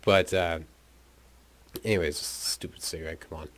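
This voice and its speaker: A man's voice: deep voice, steady tone, normal speed. A young man casually telling a rambling, profane story about his school days, often laughing as he talks. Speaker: podcast host telling his life story.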